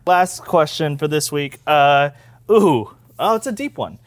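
A man's voice: on the high side, sing-song, a little slow. A young man co-hosting a casual podcast, joking, laughing, and reading out listener questions. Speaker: podcast co-host. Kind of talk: casual chat, storytelling.

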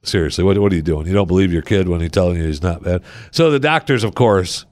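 A man's voice: deep voice, animated, quick pace, darkish tone, dry recording. Dry-voiced man telling a story. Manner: wry storyteller, acts out quoted people. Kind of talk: casual chat.

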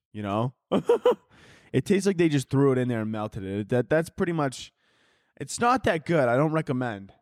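A man's voice: medium pitch, a little mellow. A man hosts a comedy podcast from a room in his home, rambling from one crude joke to the next. He keeps breaking off his own sentences and starting over. His voice sounds dry and close, with no room echo. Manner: rambling, self-interrupting, crude jokes. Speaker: podcast host. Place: home, downstairs by a Christmas tree.

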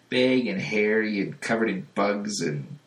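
A male podcast host walks through a comic issue, telling it in a lively, animated way. His tone is crisp and forceful. The recording has a roomy echo. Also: lowish voice. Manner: animated storytelling with chuckles. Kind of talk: casual comic-book recap.

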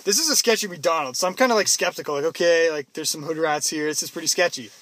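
A man's voice: a little high, fast. A young man from Canada casually telling a story to a friend, acting out the people in it. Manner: animated, acts out quotes in loud put-on voices.

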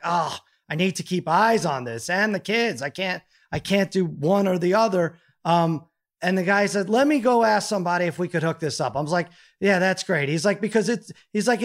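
Man co-host, middle-aged, self-mocking storyteller with a slightly high voice. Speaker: podcast co-host. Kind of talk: casual chat.

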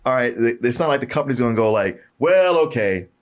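A man's voice: medium pitch, lively intonation, fast. A man co-hosting a casual podcast chat, mostly giving short reactions and wry remarks.

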